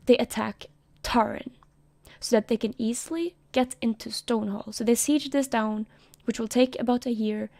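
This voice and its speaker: Soft-spoken woman with a gravelly, warm voice. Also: fairly high pitch. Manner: soft-spoken, rambling, giggly asides. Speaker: streamer. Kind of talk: casual live-stream commentary. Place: own room.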